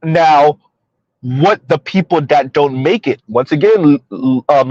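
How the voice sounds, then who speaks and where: Male livestream commentator, thirties, repetitive and wry, somewhat high voice, lo-fi dry sound. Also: measured pace, warm tone, dry recording. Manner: rambling, repeats himself, laughs at own jokes.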